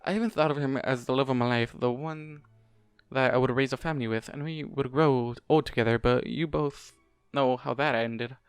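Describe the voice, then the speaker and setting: A man reading a fan fiction audiobook, voicing an anxious, tender female pony who talks in a hesitant, earnest, halting way. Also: medium pitch, steady tone, clear, resonant tone, no echo, natural voice. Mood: wistful.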